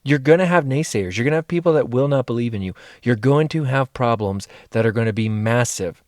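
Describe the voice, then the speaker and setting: A life coach and mentor delivers a motivational monologue, speaking to his listeners directly and earnestly and repeating phrases for emphasis. His voice is medium-pitched and fairly quick, captured in a dry, clean studio recording.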